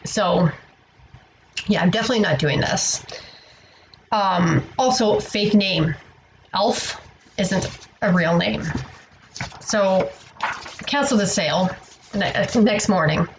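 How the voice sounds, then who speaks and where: A woman's voice: mid-range voice, slow pace, pauses often, slight background noise, rough recording. A woman telling a story to camera in a casual vlog. She sounds tired and exasperated, rambles, and swears freely. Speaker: online seller vlogger.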